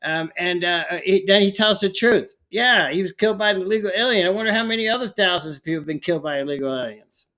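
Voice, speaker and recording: A man's voice: high-pitched, quick pace, hardly any pauses, bright, forceful tone. A man ranting heatedly in a political commentary vlog, often stumbling over his words.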